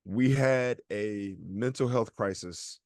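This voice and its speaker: A man's voice: on the low side, takes it slowly, darkish tone, no echo, studio quality. A man co-hosting a podcast, telling a long story in a casual chat and acting out the people he quotes. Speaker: podcast co-host.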